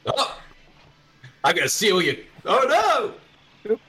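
Animated man exclaiming at a movie. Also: sits high, takes it slowly. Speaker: co-host watching a movie. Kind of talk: casual group chat over a movie.

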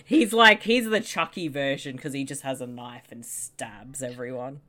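A woman's voice: rumbling low, moderate pace, sharp tone. A woman co-hosting a casual movie commentary podcast, joking, swearing freely and laughing often as she watches.

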